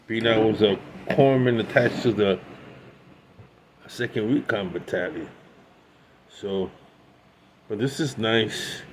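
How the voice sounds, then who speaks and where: A man in his sixties shows off his pipe collection in a casual show-and-tell chat, rambling with many asides and restarts. His voice is on the low side and slow, with frequent pauses and background noise.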